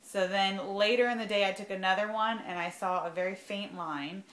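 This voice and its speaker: A woman's voice: medium pitch, steady tone, normal speed, a bit bright, reverberant. A young adult woman talking casually in a rambling vlog, full of "like" and "um". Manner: chatty, rambling, lots of "like" and "um". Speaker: vlogger sharing fertility journey.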